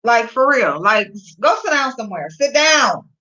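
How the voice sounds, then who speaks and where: A woman hosting a casual livestream, reading the chat aloud and talking back at it and at her dog with loud laughs. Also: on the high side, very animated, moderate pace. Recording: dull lo-fi sound.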